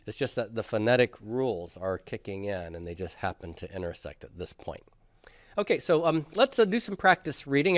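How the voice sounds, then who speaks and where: A man's voice: fairly low pitch, big pitch swings, brisk, no echo. A man teaching a classroom grammar lecture, patiently drilling students through forms and asking them to repeat after him. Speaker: Greek teacher.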